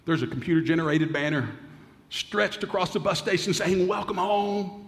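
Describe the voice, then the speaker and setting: A male pastor preaching, telling a story with dramatic pauses and often dropping to a hushed voice. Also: high voice, in a large hall. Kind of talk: sermon storytelling.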